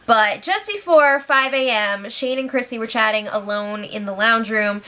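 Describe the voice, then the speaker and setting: A young woman recaps from home in a casual, gossipy way, quick to laugh. Her voice sits a touch high and sounds bright and forward. She keeps slipping into animated impressions of the people she quotes. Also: smooth. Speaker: reality show recap host. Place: home, with pets nearby.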